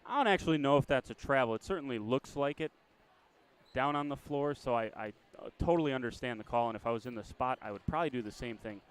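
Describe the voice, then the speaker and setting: A man calling a high school basketball game play-by-play, chatty and quick to correct himself with a small laugh. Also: clear, resonant tone. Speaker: play-by-play announcer.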